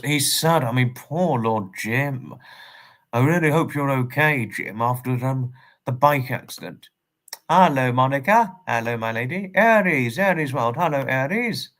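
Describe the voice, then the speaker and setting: An English man at an everyday middle pitch chats through his livestream, greeting viewers one after another in polite, slightly formal phrases. He rambles and circles back, repeating himself as he goes. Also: fairly bright tone. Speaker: livestream host. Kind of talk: casual livestream chat, greeting viewers and reading messages.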